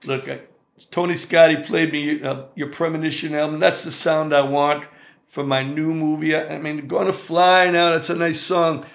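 A man's voice: fairly high pitch, flat delivery, normal speed, vocal fry, fairly bright tone. A man putting on a brash, friendly male movie star with a drawling, casual way of talking, inside a story he tells. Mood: breezy.

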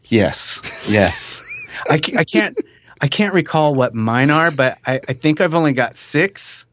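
A man hosting a podcast in casual chat, animated and talking with his hands. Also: fairly high pitch, unhurried, no room sound. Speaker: podcast host.

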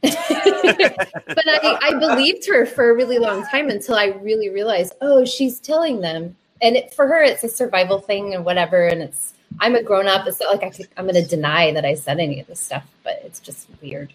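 A woman's voice: medium pitch, fairly quick, a little hiss or hum, poor audio. A woman co-hosting a podcast, telling a personal story in a casual, hesitant way. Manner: hesitant, searching for words. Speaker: podcast co-host.

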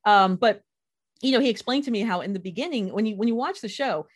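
A chatty woman hosting a relaxed conversation, talking with bubbly enthusiasm and laughing often as she goes. Her voice sits at an ordinary middle pitch. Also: fast talker. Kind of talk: casual chat.

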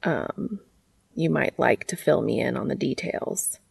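A woman doing a weakened male angel from a storybook reading, his voice pushed down low and kept soft. He talks slowly and gently, sounding worn out. It is recorded dry and close. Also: expressive, creaky, husky, no room sound, heavily acted. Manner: slow, low, soft-spoken.

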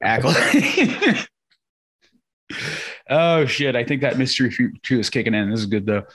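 A man with a medium-pitched voice co-hosts a casual podcast chat. He sounds laid-back and wry and swears freely. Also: moderate pace. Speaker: podcast co-host.

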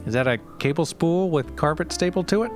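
A man's voice: a little high, a little fast, music in the background, pitched above the performer's own voice, close to an everyday voice. A man playing a rambling old comedian host. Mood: nostalgic. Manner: stammering, hesitant restarts. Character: aging male comedian host, nostalgic, rambling. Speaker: show host. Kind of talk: comedy audio sketch.

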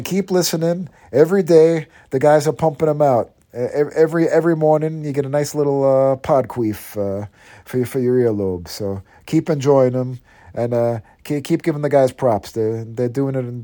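Rambling man with a mellow voice. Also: mid-range voice. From Long Island, New York. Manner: rambling, many fillers and restarts. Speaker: podcast contributor. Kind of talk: casual match review.

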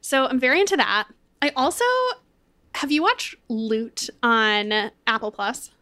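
A woman's voice: a little high, expressive, a little slow, sharp tone, dry recording. A young woman co-hosting a podcast, chatting in an upbeat way with lots of casual fillers. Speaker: podcast co-host. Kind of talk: casual chat with ad read.

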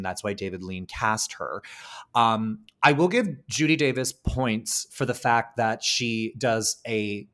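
A man's voice: lowish voice, fairly bright tone. A man co-hosting a podcast, chatting casually about films, with lots of "like" and "um" and the odd swear word. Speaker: podcast co-host. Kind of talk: casual film discussion.

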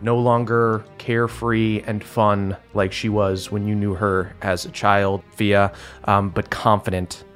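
A man's voice: lowish voice, flat delivery, unhurried, fairly bright tone, faint music behind. A man narrating as game master of a tabletop game, in a loose, descriptive way with frequent fillers.

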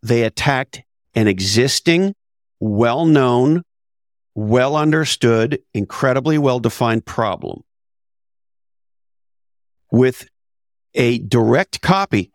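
A man's voice: mid-range voice, animated, slow pace, pauses often, no room sound, studio quality. A man talking as a podcast guest, blunt and emphatic, with rhetorical questions and casual swearing. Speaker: podcast guest, author and business advisor. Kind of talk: conversational interview.

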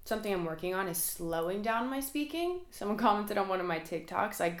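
A young woman hosting her own podcast, talking fast and excitedly in a chatty way. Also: mid-range voice. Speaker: podcast host. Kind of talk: casual solo podcast talk. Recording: roomy echo.

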